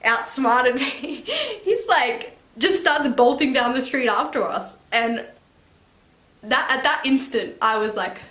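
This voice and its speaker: A young woman in her late teens telling a story to camera in a chatty, animated way, laughing and swearing casually. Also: high-pitched, takes it slowly, roomy sound. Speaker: vlogger. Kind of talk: story time chat.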